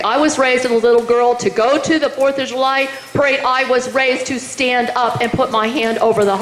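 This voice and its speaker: A woman's voice: a little high, a bit bright. A middle-aged woman giving a rousing, emphatic political rally speech in a meeting room, firing rhetorical questions at the crowd. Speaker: political speaker. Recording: roomy hall, faint noise.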